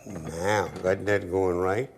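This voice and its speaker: Gravelly older cooking host. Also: male voice, low-pitched, fairly even intonation, slow, slight background noise. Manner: easygoing, joking, dialect grammar. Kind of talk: folksy cooking demonstration with storytelling.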